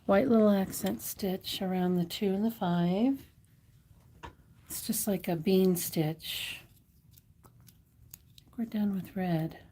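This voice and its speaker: Lady doing a slow easygoing sewing livestream, admiring everything, machine noise going behind her. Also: mid-range voice, warm tone. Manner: chatty, admiring, answers viewers by name. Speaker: sewing shop livestream host. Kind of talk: casual live sewing demo. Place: sewing shop.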